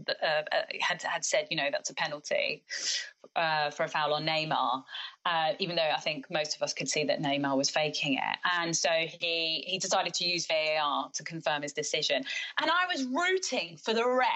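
Bright-voiced woman chatting. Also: deep voice, brisk, muffled recording. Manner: animated, reenacts shouting at the screen. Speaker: co-host discussing football. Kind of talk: casual chat.

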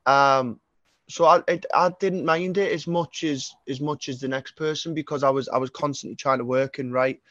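A man's voice: medium pitch, steady tone, moderate pace, fairly bright tone, no echo. Young Geordie man, sweary and rambling, restarts a lot, slightly muffled lo-fi recording, dry. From North East England. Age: 20s. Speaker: singer-songwriter guest. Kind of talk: casual interview chat.

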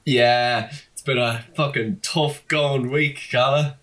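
A man's voice: mid-range voice, steady tone, takes it slowly, fairly bright tone. A man co-hosting a podcast, chatting casually and telling jokes. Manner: jokey, chatty storyteller. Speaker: podcast co-host.

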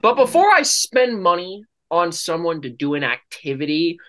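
A man's voice: fairly high pitch, very animated, normal speed, pushed and bright. A man co-hosting a casual podcast, joking and teasing in playful banter with his girlfriend. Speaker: podcast co-host. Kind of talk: casual couple chat.

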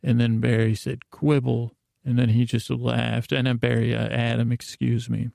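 A man tells an improvised comic tale as a podcast host, rambling and halting with many "he goes" asides. His voice is deeply gravelly and keeps a flat, level pitch. The recording is dry and close. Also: no echo. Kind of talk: improvised comedic storytelling.

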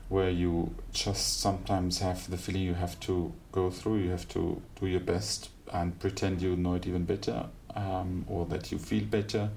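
Deep gravelly German man, reflective. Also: level tone, normal speed, few pauses, darkish tone. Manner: thoughtful, searching for words with small restarts. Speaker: classical singer, guest. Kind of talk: reflective interview conversation. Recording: faint background noise.

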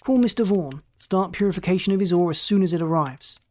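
A man's voice: high-pitched, fairly quick, darkish tone, lightly acted. A reader voicing a driven male space captain who barks urgent orders in a storybook reading. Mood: commanding.

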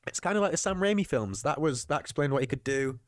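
Animated swearing man on a podcast. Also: fairly high pitch, quick pace, no echo. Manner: animated, swearing, mocking voices in quotes. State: drinking, has the hiccups. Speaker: podcast co-host. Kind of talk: casual film commentary chat.

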